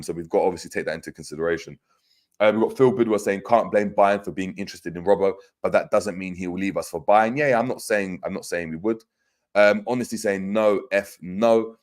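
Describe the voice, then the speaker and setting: Deep-voiced man chatting football. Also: brisk. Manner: conversational, many fillers and restarts, reads out comments. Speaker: football podcast host. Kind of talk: casual live-stream chat reading viewer comments.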